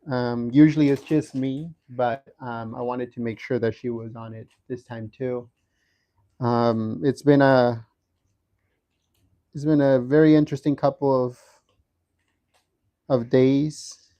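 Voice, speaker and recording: A man giving a casual livestream update from a hospital room, talking haltingly with many fillers and restarts. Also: mid-range voice, steady tone, highs cut off. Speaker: livestream host updating viewers.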